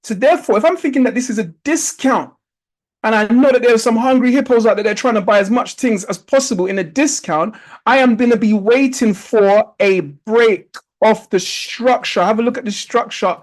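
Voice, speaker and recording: Teaching an online trading lesson on a video call, this very high-pitched man speaks at normal speed, coaxing students with repetition and rhetorical questions. The audio is rough.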